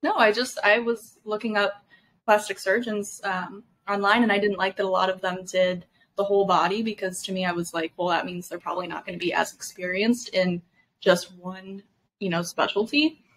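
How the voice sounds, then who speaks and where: A woman's voice: mid-range voice, fairly even intonation, normal speed, fairly bright tone, poor audio. A woman in her twenties co-hosting a podcast, telling stories in casual chat, laughing and swearing as she goes. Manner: chatty storyteller, laughing and swearing. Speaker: podcast co-host.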